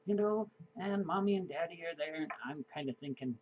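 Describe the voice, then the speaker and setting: A man in his fifties tells a casual story in a chatty, rambling way, full of fillers and chuckles. His voice sits a little high for a man. The recording is dull and lo-fi, with a faint hiss underneath. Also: a little fast. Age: 50s. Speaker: vlogger.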